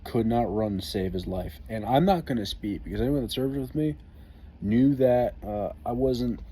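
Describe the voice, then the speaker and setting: A man's voice: medium pitch, moderate pace, dark tone, husky. A man telling a story in a casual vlog, profane, wry and laid-back, as an army veteran.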